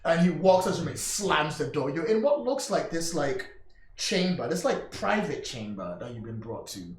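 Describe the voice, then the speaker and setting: A man narrating a tabletop game as its game master, his voice sitting a little high and rising and falling a lot as he tells the scene. He talks in a chatty, storytelling way, and the sound carries the echo of a roomy space with a faint background hiss. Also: normal speed. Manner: lively, chatty storytelling with laughs.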